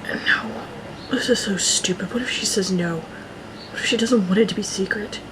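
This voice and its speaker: A woman's voice: mid-range voice, brisk, noisy background, natural voice. A woman voicing a sulky teen boy. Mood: subdued. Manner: short, defensive retorts. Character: moody teenage boy, guarded and irritable. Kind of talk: amateur voice drama. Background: background music.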